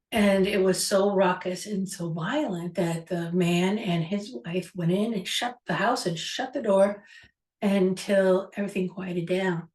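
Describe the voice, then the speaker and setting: Musing woman host in an echoey room. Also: mid-range voice. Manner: musing, reflective, rambling. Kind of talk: storytelling on a talk show. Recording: echoey room, far from mic.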